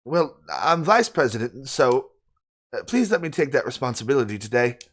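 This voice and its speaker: A woman's voice: rumbling low, sing-song, moderate pace, voice pushed down, exaggerated voice. Yuri, a woman voicing a shy, nervous schoolgirl. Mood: timid. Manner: timid, hesitant, apologetic, repeating herself. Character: shy nervous teen girl club member. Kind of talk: voicing game dialogue in a let's play.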